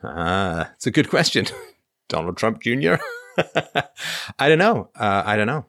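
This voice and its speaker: A man's voice: fairly low pitch, very animated, unhurried, fairly bright tone, dry recording, studio quality. A middle-aged man from Canada hosting a casual livestream, answering viewer questions with frequent ums and uhs. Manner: conversational, frequent ums and uhs, reads comments aloud. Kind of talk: casual livestream chat reading super chats.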